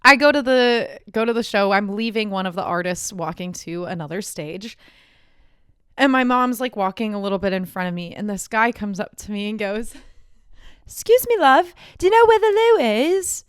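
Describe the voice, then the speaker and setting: A woman's voice: mid-range voice, normal speed, a bit bright, clear, resonant tone, no echo, clean studio sound. A young woman from Texas co-hosting a podcast, telling stories expressively with swearing and laughter. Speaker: podcast co-host. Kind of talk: casual storytelling chat.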